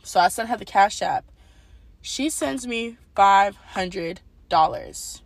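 A young woman telling a personal faith testimony in a casual, animated storytelling way, talking straight to her viewers. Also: medium pitch, slow, no room sound. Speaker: testimony speaker.

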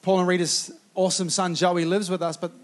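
Fervent New Zealand pastor, high voice. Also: male voice, flat delivery, a little fast. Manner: fervent, chuckling often, rallying with "come on". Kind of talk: sermon.

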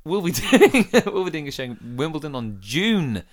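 A man hosting a comedy podcast, handing out mock awards in a wry, deadpan manner. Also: on the high side, moderate pace, a crowd in the background. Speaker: podcast host.

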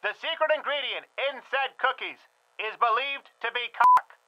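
Mock warning announcer played by a man: very high-pitched, grave official read, tinny phone-like audio. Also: expressive, normal speed, heavy background noise. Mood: mock-serious. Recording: dull tinny phone-like sound.

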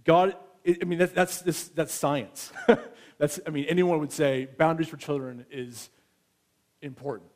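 A man's voice: on the high side, fairly even intonation, moderate pace, darkish tone. A man in his thirties preaching a sermon in a conversational way, often checking in with his listeners. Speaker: pastor.

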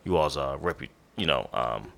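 A man co-hosting a casual beer-and-cigar podcast, talking in a relaxed, rambling way with lots of fillers, sounding tired and yawning at times as he reads tasting notes. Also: very deep voice, normal speed, gravelly. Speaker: podcast co-host.

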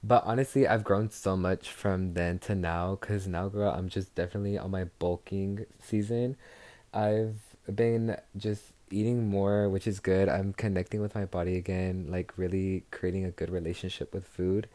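A young man talks through a casual chat podcast in a lowish voice with a mellow, warm tone. He gushes and chatters loosely, peppering every thought with "like" and "girl." The sound is close and dry, with little room around it. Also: steady tone, moderate pace, no room sound. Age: young adult. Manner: chatty and gushing, full of "like" and "girl". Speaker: podcast host.

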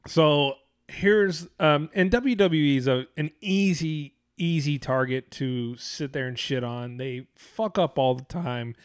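Casual male podcast co-host, loose and profane, slightly high voice, close and dry. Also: takes it slowly, clean tone, no room sound. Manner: rambling, profane, restarts often. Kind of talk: casual wrestling chat.

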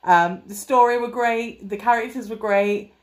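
A woman gushes through a casual film review chat. She is enthusiastic, animated and swears freely as she runs the show. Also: fairly high pitch, moderate pace. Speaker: podcast co-host.

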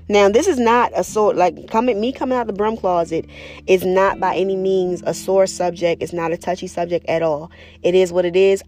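In a relaxed monologue, a woman who vlogs about spirituality opens up frankly about her practice. Her voice is fairly low, and she swears and gets animated while telling stories.

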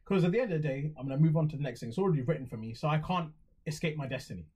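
A man's voice: a little high, animated, rapid-fire, warm tone. A young English man talking in a reflective, rambling way on a casual podcast, with many fillers and restarts. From England. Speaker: podcast co-host.

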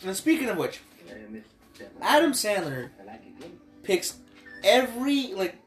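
A man's voice: high-pitched, big pitch swings, echoey room, soft background music. A young man co-hosting a podcast, chatting casually and swearing as he laughs about movies. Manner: laughing, swearing, quick bursts. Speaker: podcast co-host. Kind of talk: casual chat.

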